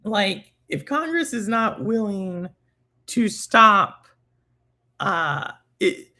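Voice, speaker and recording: A podcast host in casual chat who talks in an animated way, thinking aloud and restarting sentences. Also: mid-range voice, drawn-out words.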